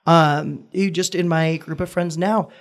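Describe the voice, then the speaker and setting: Young man, twenties, guest; earnest, measured, reflective delivery. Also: a little high, steady tone. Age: 20s. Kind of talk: candid personal conversation.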